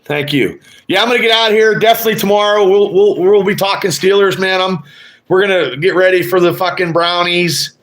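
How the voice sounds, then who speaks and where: A man with a high, fairly bright voice and fairly even intonation talks a little fast while hosting a casual live sports podcast. In this live-stream chat he rambles, swears, and trash-talks rival fans.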